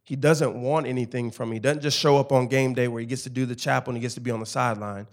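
A man in his thirties from Tennessee, a campus ministry director and chaplain, telling his personal testimony in conversation with emphatic, animated storytelling. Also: medium pitch, fast talker.

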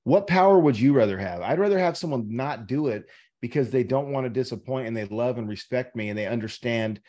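A man's voice: medium pitch, expressive, fairly quick, mellow. Emphatic man giving life advice. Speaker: podcast co-host. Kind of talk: casual chat.

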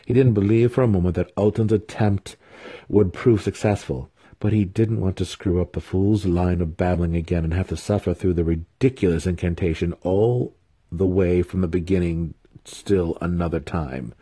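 Deep, husky man reading a fantasy novel. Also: normal speed, dark tone, dry recording. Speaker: audiobook reader.

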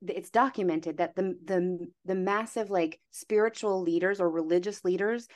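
A young woman with a slightly low voice chats easily as a podcast guest. She talks in a lively, filler-heavy way. She slips into acted-out snippets of her own thoughts. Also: moderate pace. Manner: animated, chatty, many fillers and acted-out inner voices. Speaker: wellness coach guest. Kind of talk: casual podcast conversation.

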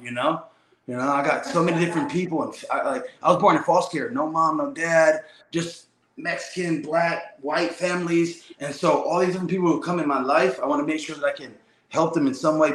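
Interview guest: relaxed, thoughtful man with a slightly high voice, recorded in an echoey room. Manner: laid-back, reflective, frequent "you know". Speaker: guest, professional fighter. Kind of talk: casual interview talk.

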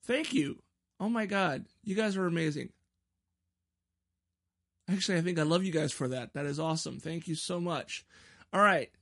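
A man hosts his own podcast alone, chatting casually in a rambling, self-deprecating way and tripping over his words. His voice sits a little high and carries a gravelly rasp. The sound is dry and close, with no room around it. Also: normal speed, pauses often, a bit bright, dry recording. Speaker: podcast host. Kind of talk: casual solo podcast chat.

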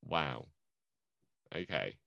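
A man's voice: a bass voice, lively intonation, very slow, creaky, no echo, highs cut off. A man co-hosting a casual movie podcast, joking and playful, often laughing. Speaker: podcast co-host.

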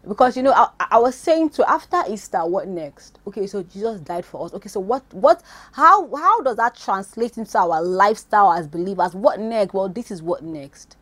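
Lively woman preacher. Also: medium pitch, normal speed, no room sound. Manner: animated, swings from loud exclamations to quiet asides, frequent "you get me". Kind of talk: informal devotional teaching. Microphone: phone.

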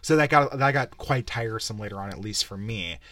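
A man's voice: on the low side, animated, a little fast, a bit bright, no room sound. A young man hosting a podcast, giving a profane, exasperated, rambling game review on a close mic. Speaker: podcast host. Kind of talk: casual game-review rant.

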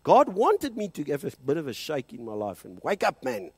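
A man with a South African accent, a pastor preaching a fervent sermon and switching between English and Afrikaans, climbing to loud high peaks and dropping to quiet low passages. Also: huge pitch swings, brisk, slightly rough, dry recording.

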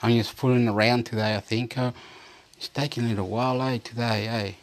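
A man's voice: mid-range voice, steady tone, brisk. A man from Chile talking in a rambling, repetitive casual monologue, reading bits aloud from a screen as he goes.

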